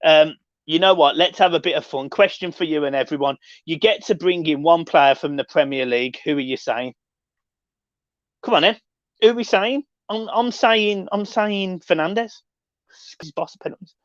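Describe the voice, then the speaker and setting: A man hosting a casual live stream, reading and answering chat with sweary, excitable banter. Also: on the high side, moderate pace, dry recording. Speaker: livestream host reading chat. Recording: dull lo-fi dry sound.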